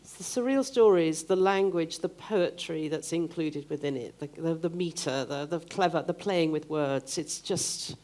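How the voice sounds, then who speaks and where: Low voiced older lady onstage at a book festival, halting, lots of the the the. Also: dark tone. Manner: hesitant, repeats words while searching for them. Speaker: festival speaker, theatre producer and author. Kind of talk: live onstage conversation. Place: book festival event stage.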